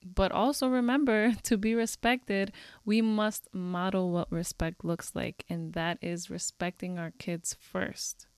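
A woman's voice: mid-range voice, little pitch movement, unhurried, hardly any pauses, clear, resonant tone, no echo. A woman co-hosting a parenting podcast, talking in an earnest, candid and upbeat way. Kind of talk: casual podcast chat.

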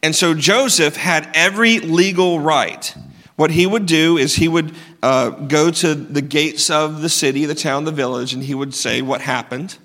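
A pastor preaching in a big church hall, his slightly high voice catching into a gravelly fry. He keeps it conversational, teasing the congregation and asking them question after question, and the sound rings with a long hall echo. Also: normal speed, a bit bright. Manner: conversational, joking with the congregation, many rhetorical questions. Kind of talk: sermon.

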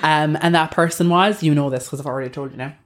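A woman's voice: low-pitched, fast talker, a little hiss or hum. A woman co-hosting a podcast in casual chat, rambling through tangents with lots of fillers. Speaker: podcast co-host.

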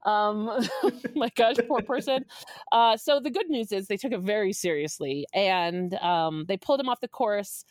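A woman in her forties, a podcast guest, telling a story in a lively, laughing way and acting out the quotes. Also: normal speed, no echo, studio quality. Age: 40s. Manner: lively, laughing, acts out quotes with big pitch jumps. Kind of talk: animated storytelling.

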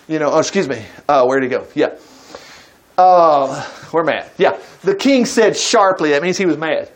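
A man preaching a sermon, retelling a Bible story in a folksy, animated way with frequent chuckles. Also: fairly high pitch, normal speed.

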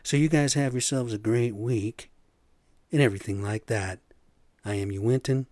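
A man rambles through a solo podcast rant, opinionated and loose with folksy slang. His voice sits at an ordinary middle pitch. The recording is dry and close, with no room sound. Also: normal speed, darkish tone, no echo. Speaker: podcast host.

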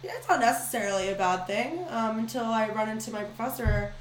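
A young woman talks freely in a casual podcast chat, filling her sentences with "like." Her voice sits on the higher side. The room gives it a noticeable echo, with a faint hiss behind. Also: a little fast. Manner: chatty, frequent "like" fillers, blunt. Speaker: podcast guest. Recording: echoey room with faint noise.

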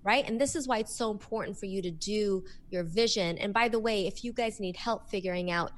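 A woman who works as a workplace coach, speaking in a podcast interview in an animated, expressive way and acting out examples. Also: medium pitch, a little fast.

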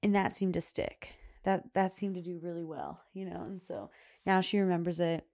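A woman telling a story on her podcast, in a loose and chatty way. Her voice sits a little low and sounds soft and mellow. She laughs easily and leans on "like" as she rambles on. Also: fairly even intonation, moderate pace. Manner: chatty, laughs often, many "like" fillers. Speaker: podcast host, mother. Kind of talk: casual anecdotal chat.

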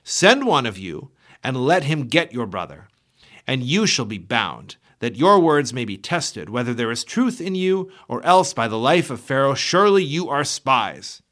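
A man's voice: medium pitch, big pitch swings, a little slow, a bit bright. A man reading the lines of a stern Egyptian governor in a formal, commanding way. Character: stern male Egyptian governor testing strangers.

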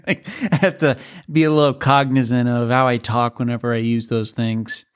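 A man's voice: mid-range voice, little pitch movement, normal speed, clean tone. A man hosting a casual phone interview, easygoing, laughing along and asking clarifying questions. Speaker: podcast host interviewer.

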